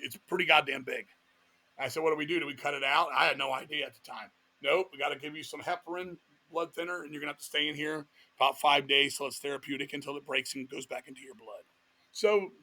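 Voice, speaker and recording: A middle-aged man from Virginia, telling a long personal story in an interview with a blunt, profane, animated manner. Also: mid-range voice, gravelly. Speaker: guest musician.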